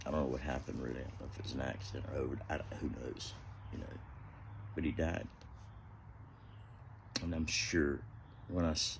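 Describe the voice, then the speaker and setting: Super deep voiced guy rambling on, heartfelt, lots of you knows, outside. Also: steady tone, a little fast, creaky, pauses often, a little hiss or hum. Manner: rambling, heartfelt, many "you know" fillers. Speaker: vlogger. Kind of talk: casual outdoor vlog talk. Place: outdoors.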